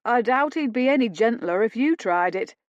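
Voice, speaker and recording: A woman's voice: on the high side, lively intonation, moderate pace, no echo, lightly acted. A woman reading an audiobook, voicing a mocking, sardonic roguish man with a drawling sarcasm. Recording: dull dry lo-fi studio read.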